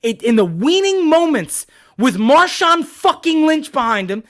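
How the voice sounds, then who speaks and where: A man's voice: very high voice, very animated, measured pace, a bit bright. A man co-hosting a sports podcast, ranting in heated casual talk full of profanity and hard emphasis.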